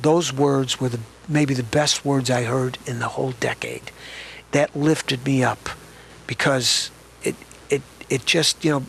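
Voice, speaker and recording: A man's voice: mid-range voice, vocal fry, fairly bright tone, slight background noise. An older man, an author, telling stories from his past in a reflective, conversational way during an interview. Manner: conversational, reflective, often restarts sentences. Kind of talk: reminiscing storytelling in an interview.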